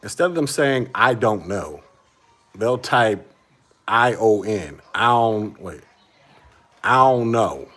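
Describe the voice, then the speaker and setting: Husky-voiced man in his forties, chatting. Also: fairly low pitch, animated, takes it slowly, long pauses, a bit bright, soft background music. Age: 40s. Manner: laid-back, chatty, laughs often, talks to viewers. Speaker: IT livestream host. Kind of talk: casual livestream chat.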